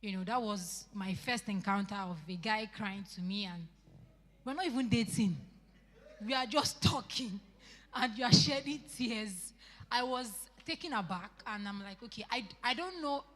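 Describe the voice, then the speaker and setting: A woman's voice: mid-range voice, unhurried, a bit bright. A young woman with a Nigerian English accent, chatty and rambling as she asks a question at a church youth meeting in a large church hall. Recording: long hall reverb.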